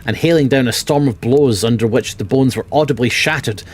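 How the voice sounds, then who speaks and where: A man's voice: mid-range voice, fairly quick. A man from Edinburgh with a Scottish accent, reading a classic novel aloud in a dramatic storytelling manner with occasional stumbles. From Scotland. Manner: dramatic storytelling with occasional slips and self-corrections. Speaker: narrator, audiobook reader.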